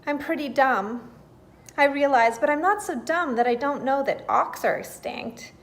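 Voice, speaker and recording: A woman voicing a shy, forgetful round bird that is slow to think, with a puzzled, halting manner. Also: sits high, voice pushed up. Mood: mournful.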